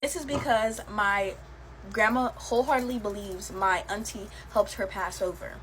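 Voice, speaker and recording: A young woman chats casually to camera, sharing her own eerie stories with plenty of fillers and laughs. Her voice is mid-range and fairly bright at a moderate pace, on a low-quality recording with a little hiss or hum.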